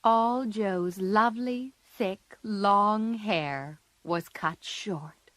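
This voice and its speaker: A woman reading a story aloud calmly and clearly for English learners. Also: medium pitch, very slow, few pauses, no echo. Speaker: narrator.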